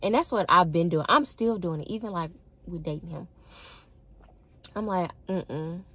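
A young woman chats to her viewers about her dating life and keeps breaking into laughter. Her voice sits a little low, and she talks loosely and casually, often calling them y'all. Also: moderate pace, fairly bright tone, breathy edge. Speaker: vlogger. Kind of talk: casual storytelling to camera.

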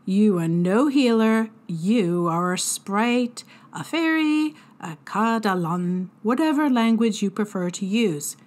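A woman's voice: mid-range voice, animated, slow pace, hardly any pauses. A woman voicing a cold, smug twelve-year-old boy mastermind with precise, condescending speech.

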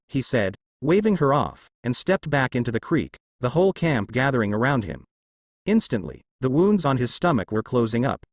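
A man reads a fan fiction adventure aloud with an animated, up-and-down storytelling delivery. The sound is dry and close to the mic, with no room around it. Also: mid-range voice, moderate pace, no echo. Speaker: narrator.

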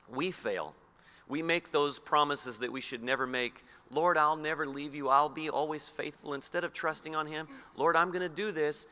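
A man from Australia preaching a sermon, reading scripture slowly and low and putting questions to his listeners. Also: sharp tone. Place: church hall. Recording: long hall reverb.

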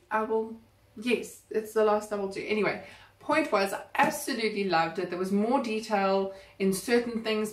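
A woman's voice: medium pitch, recorded from a distance. A woman chatting casually about books she has read, enthusiastic and rambling, often restarting her sentences. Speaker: book vlogger. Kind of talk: casual book review chat. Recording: roomy sound, voice a bit off-mic.

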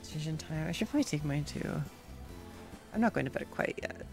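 A streamer chatting casually while playing a game, sarcastic and quick to react to chat and gameplay. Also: mid-range voice, expressive, vocal fry, music in the background.

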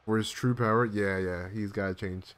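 Lowish-voiced young man, hyped live commentary on a game, keeps yelling out mid-sentence. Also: moderate pace, clear, resonant tone. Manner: excitable, bursts into sudden exclamations. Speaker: streamer.

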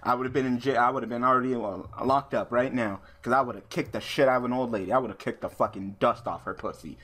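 A man's voice: medium pitch, brisk, a bit bright. A man telling a profane, ranting story while commentating a card game he is playing. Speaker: gaming YouTuber. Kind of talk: venting commentary over card game play.

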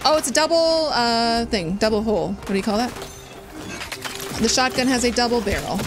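High-voiced swearing woman streamer. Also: normal speed, over music. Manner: swearing, thinking aloud. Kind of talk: casual gaming commentary.

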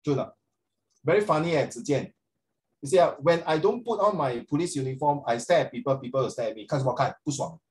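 A middle-aged man with a Singaporean English accent teaches social studies in a lively, teasing way. He is openly sarcastic and slips Mandarin phrases into his English. His speaking voice sits a bit higher than most men's. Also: quick pace, rough recording. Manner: animated, joking, sarcastic. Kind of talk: classroom teaching.

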